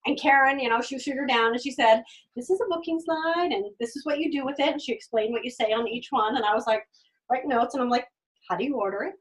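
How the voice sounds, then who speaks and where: A middle-aged woman telling her own story in an animated way, acting out what others said and laughing often. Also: fairly high pitch, fast talker, recorded from a distance, low-quality recording. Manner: acts out quoted voices, laughs often, lively. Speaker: direct sales consultant telling her story.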